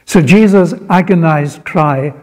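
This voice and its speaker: Slow, mellow-voiced preacher man. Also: a little high. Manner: slow, earnest and reflective. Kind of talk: sermon.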